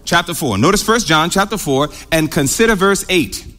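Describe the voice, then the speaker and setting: A man preaching a sermon in a high, lively voice that climbs and drops with emphasis. He stretches key words and keeps asking the congregation to answer him. A long hall reverb trails every line. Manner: drawn-out emphatic delivery with big swings.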